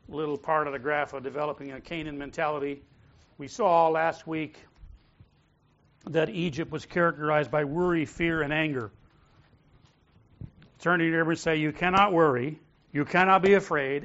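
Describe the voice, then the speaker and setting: A man's voice: fairly high pitch, fairly bright tone. A man preaching a sermon, asking the congregation questions and getting them to repeat phrases to their neighbor. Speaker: pastor. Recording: dull lo-fi sound.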